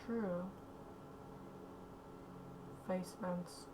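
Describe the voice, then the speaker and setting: A woman streaming while she draws, talking quietly and rambling in casual commentary, saying okay a lot, her throat slightly sore. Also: fairly low pitch, steady tone, drawn-out words, noisy background.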